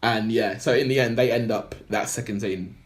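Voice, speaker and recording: A man's voice: on the low side, normal speed. A man on a podcast, casually recapping a film plot in a rambling way full of "like" and "blah blah". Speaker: podcast co-host.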